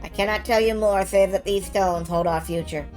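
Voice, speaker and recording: A woman voicing a grave old male master and slowly reading his solemn, foreboding lines of game dialogue. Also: mid-range voice, fairly even intonation, a little mellow, soft background music, close to an everyday voice.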